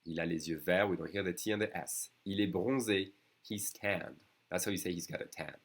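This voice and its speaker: A man's voice: deep voice, fairly even intonation, a little fast, a little hiss or hum. A man with a French accent, a native speaker teaching a beginners' language lesson online, patiently repeating each phrase.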